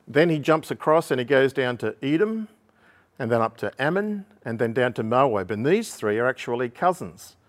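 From the pulpit, a man preaches a sermon, explaining the text in a steady, teacherly way. His voice is medium-pitched and mid-range, and he occasionally pauses with an "um" or clears his throat.

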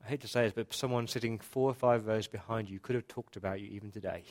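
A man's voice: lowish voice, fairly even intonation, quick pace, a little mellow. A male pastor giving a sermon in church, earnest and repeating key points for emphasis.

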